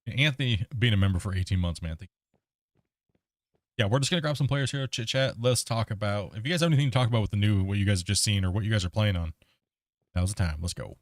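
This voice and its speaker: Guy streaming a mining game, lowish voice, rambly, chuckles a lot, dry close sound. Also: fast, no room sound. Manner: rambling, chuckles often, talks to chat. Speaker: gaming livestream host. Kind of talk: casual livestream chat while playing.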